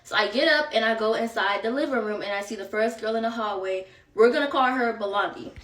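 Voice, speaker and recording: Chatting casually with lots of filler, a young woman tells her viewers a meandering storytime, peppered with asides to them. Her fairly high, fairly bright voice moves a little fast, picked up from a distance in an echoey room.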